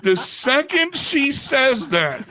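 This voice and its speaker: A man performing a stand-up comedy routine at a club, telling an animated story and acting out the voices of the people in it. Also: extremely high pitch, slow, low-quality recording.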